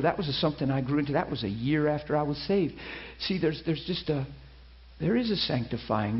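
A middle-aged man preaching, telling his own story with lively quoted voices and frequent restarts. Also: on the high side, dull audio. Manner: storytelling, animated quoting with many restarts. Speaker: pastor. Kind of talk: sermon testimony. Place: church.

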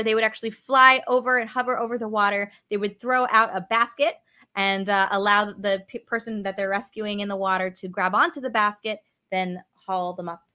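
A woman's voice: medium pitch, pushed and bright. A young woman leading a live virtual museum tour, chatty and upbeat, answering viewer comments as she goes. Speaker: museum educator. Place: aircraft museum hangar.

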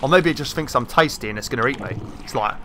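A man giving casual let's-play commentary, excitable, swearing a lot and chatting to the game's creatures. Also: mid-range voice, racing, faint music behind. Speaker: gaming channel host.

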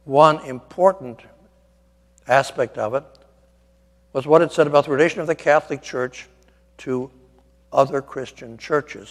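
A man's voice: medium pitch, long reverb tail. An older man, a Catholic priest, giving an informal guest lecture in a church, rambling a little with wry asides and many ums. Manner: discursive, wry asides, frequent ums and restarts.

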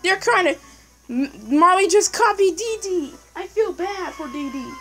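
A young woman commentating her puzzle game casually, excitable, yelling at the game and repeating "no" over and over. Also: extremely high pitch, measured pace, a little hiss or hum, poor audio. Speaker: gameplay commentator.

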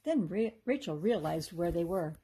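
A woman teacher reading a children's chapter book aloud with expressive, animated narration. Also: lowish voice, normal speed, breathy edge. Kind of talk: storybook read-aloud.

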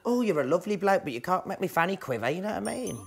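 A man's voice: big pitch swings, gravelly, slightly rough, soft background music. A male drag queen chatting crudely and campily while reacting to a dating show. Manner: crude, camp, quick jokes with big pitch swings. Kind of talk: bawdy casual chat.

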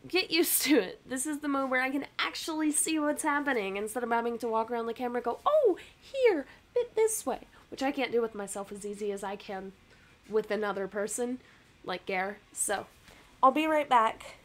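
Speaking briskly at a fairly high pitch, a young woman live-streams from home through a webcam and computer mic. Her casual chat with viewers is bubbly and self-deprecating, full of laughter.

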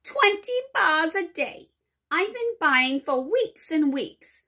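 A woman's voice: very high voice, sing-song, takes it slowly, sharp tone, voice pushed up, exaggerated voice. A woman voicing a large boy who complains angrily and jealously. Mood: resentful. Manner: complaining, resentful. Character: big angry jealous boy.

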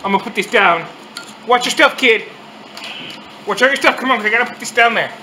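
A woman's voice: on the high side, quick pace, pushed and bright, roomy sound, a little hiss or hum, low-quality recording. A woman co-hosting a casual mukbang vlog, talking bluntly and swearing freely as she rants. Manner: profane, blunt ranting. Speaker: vlog co-host. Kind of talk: casual mukbang chat and rant.

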